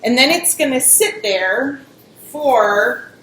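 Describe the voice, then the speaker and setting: A woman's voice: high voice, animated, takes it slowly, fairly bright tone, echoey room, a little hiss or hum, poor audio. A woman showing a bread recipe in her home kitchen, chatty and giggly as she talks through each step. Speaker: home baker demonstrating a recipe. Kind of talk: casual cooking demonstration.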